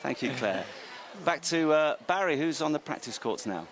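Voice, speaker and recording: A man hosting a live sports studio chat, brisk and teasing as he moves the talk along. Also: fairly high pitch, animated, a crowd in the background. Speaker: studio host.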